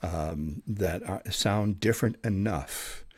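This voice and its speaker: A man who works as an audiobook narrator, talking in a relaxed, chatty interview manner with plenty of fillers. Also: low voice, slow, no room sound. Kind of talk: casual interview talk.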